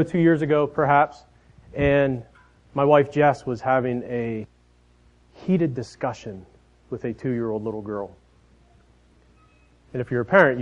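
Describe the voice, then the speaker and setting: A man in his thirties preaching a sermon, telling family stories in a folksy way, often dropping softer at the ends of his phrases. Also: mid-range voice. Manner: folksy storytelling, trailing off softly at phrase ends. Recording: dull lo-fi sound.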